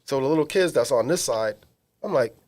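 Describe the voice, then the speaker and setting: Medium in pitch and a little fast, this man co-hosts a podcast in a small studio. He's an animated storyteller, trading comic stories in slangy, emphatic casual chat.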